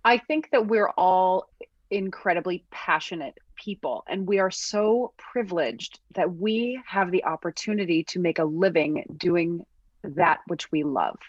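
A woman's voice: fairly low pitch, unhurried, no echo, muffled recording. A woman guest talking earnestly and reflectively about her passion for her work. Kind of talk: casual conversation.

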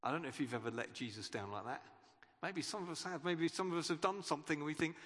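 A man's voice: on the high side, fast talker, a bit bright. A man preaching a sermon in a church, earnest and conversational, often restarting his sentences. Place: church hall. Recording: long church-hall reverb.

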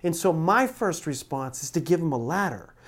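A man's voice: fairly high pitch, animated, moderate pace. A middle-aged man, a pastor preaching a sermon, telling personal stories in an earnest, emotional way with frequent restarts.

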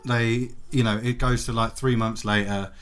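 A man's voice: mid-range voice, flat delivery, normal speed, a bit bright, a little hiss or hum. A man hosting a casual chat, rambling through a film recap with many fillers. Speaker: host.

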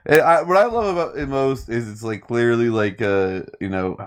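A man hosting a podcast in casual chat, halting with fillers and swearing freely. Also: medium pitch. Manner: halting, profane, many fillers. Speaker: podcast host.

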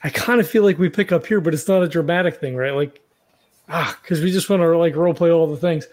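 A man with a slightly higher voice playing a tabletop game. He rambles as he thinks his ideas through out loud. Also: fast talker. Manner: rambling, many fillers. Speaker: player. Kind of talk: casual tabletop game play.

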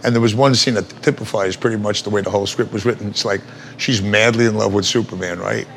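Low gravelly older man telling stories. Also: steady tone, quick pace, fairly bright tone, slight background noise. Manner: rambling, salty, laughs mid-story. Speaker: actor guest. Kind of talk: casual anecdotal storytelling.

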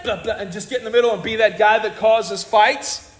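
High-voiced animated male preacher. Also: fast talker, rough recording. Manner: animated, jokey asides, acts out quoted people. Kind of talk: sermon.

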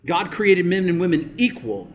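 A man preaching a sermon as pastor, emphatic, rising on key points and dropping low and slow to press them home. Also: big pitch swings, muffled recording.

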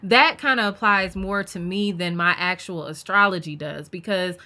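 A woman's voice: fairly low pitch, moderate pace, bright, forceful tone. A young woman co-hosting a podcast, talking candidly in casual chat, swearing freely and leaning on fillers. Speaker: podcast co-host.

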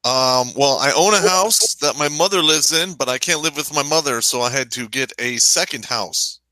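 A man's voice: medium pitch, normal speed, sharp tone, dry recording, low-quality recording. A man joining a casual chat as a guest over a video call, easygoing and offhand.

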